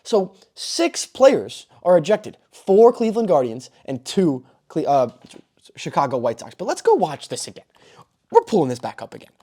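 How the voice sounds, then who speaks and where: A young man hosting a sports show, recapping a baseball brawl with excitable commentary and loud exclamations. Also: fairly high pitch, moderate pace, husky. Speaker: host.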